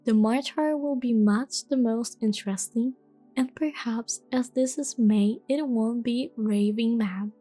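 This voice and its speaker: Woman softly voicing a polite curious young girl. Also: a little high, measured pace, faint music behind. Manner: polite, gentle, slightly timid. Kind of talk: whispered role-play.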